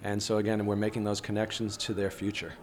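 A man, a high school teacher, explaining his approach in a steady way during an interview. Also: fast. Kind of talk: interview answers.

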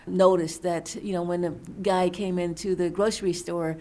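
A middle-aged woman with a somewhat low voice, speaking as an interview guest. She explains and tells stories in a thoughtful, measured way. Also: level tone, a little mellow. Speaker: author and researcher guest. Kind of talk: interview answers.

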